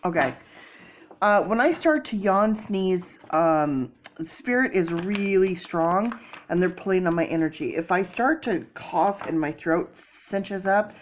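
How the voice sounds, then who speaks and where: A woman's voice: on the low side, expressive, measured pace, a little hiss or hum. A woman doing a casual tarot reading, chatty and rambling, with many fillers and restarts as she explains her method. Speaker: tarot reader.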